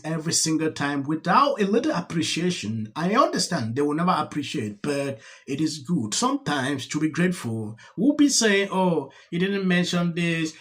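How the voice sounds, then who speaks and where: A man's voice: fairly high pitch, breathy edge. A man with a Nigerian accent giving exasperated, emphatic reaction commentary on a talk-show clip.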